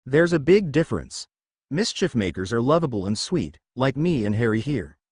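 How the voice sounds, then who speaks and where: A man's voice: mid-range voice, very animated, normal speed, a little mellow, breathy edge, no echo, clean studio sound. A man reading aloud and voicing a cheeky, boastful young godfather in a storybook reading. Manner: cheeky and self-satisfied.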